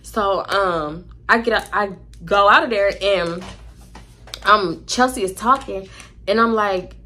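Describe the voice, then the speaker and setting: A young woman telling an animated, candid storytime vlog, slangy and profane. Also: medium pitch, slow. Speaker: vlogger.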